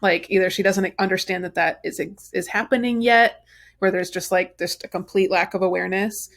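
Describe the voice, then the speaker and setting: A woman co-hosting a casual podcast, speaking at a middle pitch. She talks in an analytical way and walks through her reasoning point by point. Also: steady tone, fairly quick. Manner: analytical, explains things step by step. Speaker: podcast co-host. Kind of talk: casual chat.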